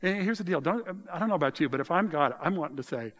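A middle-aged man preaching a sermon, animated and often exclaiming with mocking asides. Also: a little high, fast, hardly any pauses. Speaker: pastor.

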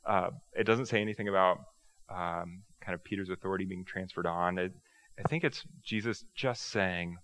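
A man preaching a sermon in a relaxed, conversational way, asking rhetorical questions and joking at his own expense. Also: lowish voice, fairly quick. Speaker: pastor.

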